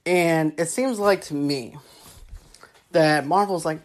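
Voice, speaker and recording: A woman offers casual, rambling movie commentary, repeating herself and stacking filler phrases like "actually" and "go on ahead." Her voice is deep and darkish, and she takes it slowly with frequent pauses.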